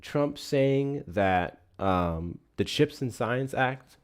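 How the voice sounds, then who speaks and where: A man hosting a live show, giving casual political commentary in an animated, profane rant. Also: mid-range voice, drawn-out words, clean tone. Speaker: livestream host.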